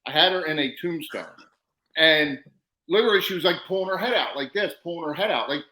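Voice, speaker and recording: Bright-toned man talking in an echoey room. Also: fairly high pitch, quick pace. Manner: blunt and salty, explains wrestling moves. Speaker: podcast host, wrestler. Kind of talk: casual podcast chat. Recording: roomy echo.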